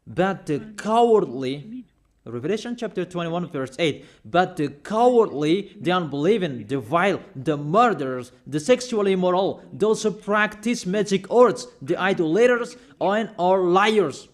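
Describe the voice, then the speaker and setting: High-voiced man preaching a scolding sermon. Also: lively intonation, measured pace. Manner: forceful, scolding, rhetorical questions.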